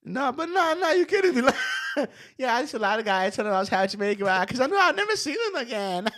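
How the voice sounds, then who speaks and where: A man reacting to a clip, laughing often and talking in loud, slangy disbelief. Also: very high-pitched, big pitch swings, normal speed. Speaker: streamer reacting to a video. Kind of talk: casual reaction commentary.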